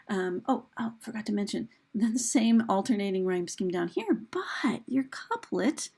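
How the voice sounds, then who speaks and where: A woman's voice: mid-range voice, vocal fry, a little mellow, breathy edge. A woman teacher talking through a recorded lesson over slides, chatty, with fillers and questions put to her students. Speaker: English teacher.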